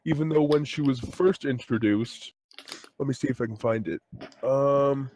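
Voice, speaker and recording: A man's voice: medium pitch, moderate pace, a little mellow, a little hiss or hum. A man in casual chat, reading fan fiction aloud, playful with mock-indignant outbursts.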